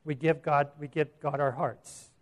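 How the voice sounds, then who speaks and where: A man with a fairly high voice delivers a sermon. His manner is casual and talkative. He often checks in with his listeners and laughs softly at his own remarks. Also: steady tone, a little slow. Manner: conversational, asks the audience questions, chuckles at his own asides. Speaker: preacher.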